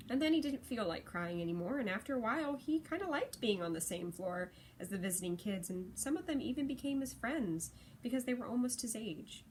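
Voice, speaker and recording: A woman narrating a story in a gentle storytelling manner. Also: a little high, lively intonation, brisk, hardly any pauses, slight background noise, low-quality recording. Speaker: audiobook narrator.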